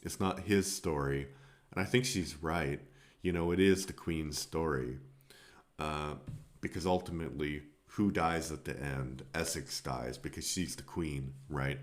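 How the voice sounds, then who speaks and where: A man's voice: rumbling low, steady tone, measured pace. A man hosting a film review podcast, talking casually and rambling, with many fillers and restarts.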